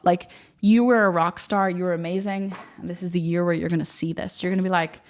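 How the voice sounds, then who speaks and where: A woman's voice: lowish voice, fairly even intonation, fairly quick. Gushing young woman coach, a bit breathless. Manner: gushing, effusive, uses "like" often. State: slightly out of breath, voice tiring. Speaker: manifestation coach. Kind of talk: enthusiastic spiritual pep talk.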